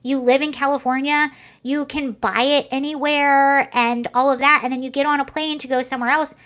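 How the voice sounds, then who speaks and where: Young woman vlogger, higher pitch, casual rambly commentary full of fillers. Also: steady tone, brisk, fairly bright tone. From United States. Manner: chatty, rambling, many fillers and restarts.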